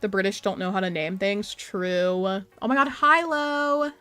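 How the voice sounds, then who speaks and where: A woman's voice: mid-range voice, measured pace, pushed and bright, dry recording, faint music behind. A young adult woman hosting a casual live stream, chatting while she plays and answering her viewers' messages aloud.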